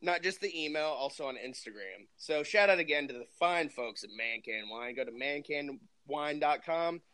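A man's voice: a little high, lively intonation, normal speed, sharp tone. A man co-hosting a podcast in casual chat, laid-back, laughing often and saying "like" and "dude" a lot. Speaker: podcast co-host.

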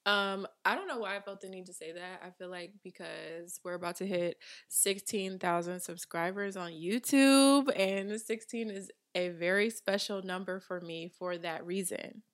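A woman's voice: lowish voice, normal speed, hardly any pauses. A young woman in her twenties hosts a casual podcast from her apartment studio. She talks in a chatty, emphatic way and laughs often as she goes. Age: 20s. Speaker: podcast host. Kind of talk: casual chat.

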